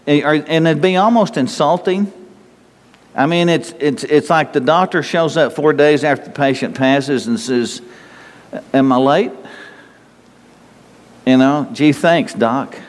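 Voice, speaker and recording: A man's voice: a little high, moderate pace. Folksy preacher guy chuckling thru his sermon, lotsa reverb like a big church. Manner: folksy, chuckling, rhetorical questions. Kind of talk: conversational sermon. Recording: long hall reverb.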